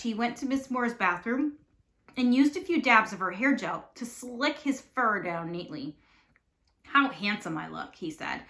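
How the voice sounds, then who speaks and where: A woman teacher reading a storybook aloud with expressive, animated narration. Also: a little high. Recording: echoey room.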